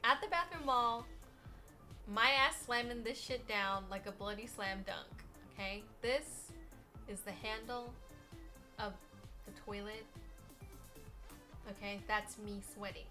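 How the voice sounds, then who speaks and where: A woman narrating a comic storytime, animated and full of swearing, dropping to mumbles and then rising loud. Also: medium pitch, slow, pauses often, music in the background. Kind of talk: casual comedic storytime voice-over.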